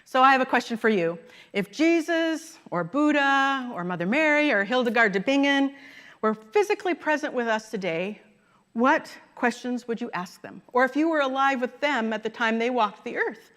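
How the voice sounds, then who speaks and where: A middle-aged woman preaches in a relaxed, conversational way, pausing to laugh at her own anecdotes. Her voice sits a little high. It is a Sunday talk in a church sanctuary. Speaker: minister. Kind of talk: sermon.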